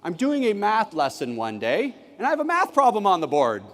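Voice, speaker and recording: A man giving a conference keynote, telling a classroom story in an animated way and acting out the dialogue himself. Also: sits high, brisk. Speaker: keynote speaker, former teacher. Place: large conference hall. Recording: long hall reverb.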